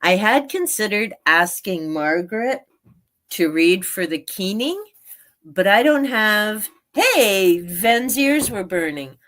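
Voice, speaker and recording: A woman's voice: medium pitch, sing-song, takes it slowly, fairly bright tone. A woman hosting a book live stream, chatting casually in a meandering way and laughing often. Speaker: book channel host.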